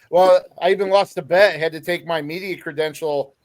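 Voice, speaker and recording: A man hosts a casual sports podcast, his voice sitting a little high for a man. He chats and tells stories loosely, with plenty of "uh" between thoughts. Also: fairly even intonation, unhurried. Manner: chatty storyteller with many fillers.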